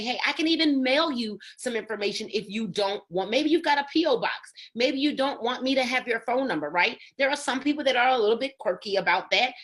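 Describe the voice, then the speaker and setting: Woman, upbeat sales trainer on a video call, bright high voice, very animated, calls out names. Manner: emphatic, keeps asking "right?" and calling on listeners by name.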